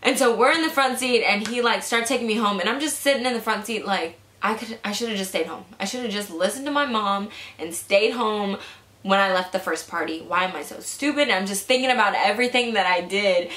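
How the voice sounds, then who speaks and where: A young woman telling a story in casual, animated chat, full of "like" fillers. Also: medium pitch, a little fast. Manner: chatty, animated, frequent "like" fillers. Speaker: vlogger. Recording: echoey room.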